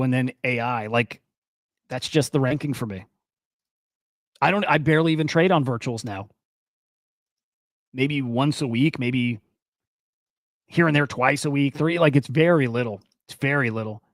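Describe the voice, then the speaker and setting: A man's voice: mid-range voice, normal speed, long pauses, no room sound, studio quality. A young man hosting a casual crypto news stream, talking in a loose, rambling and profane way and getting worked up as he goes. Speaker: crypto and NFT news host. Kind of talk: casual live-stream commentary.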